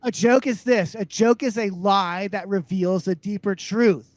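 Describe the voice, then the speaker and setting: A man co-hosting a comedy podcast, ranting loudly and sarcastically with heavy profanity. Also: high voice, unhurried, dry recording. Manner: loud, abrasive, sarcastic. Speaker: podcast co-host.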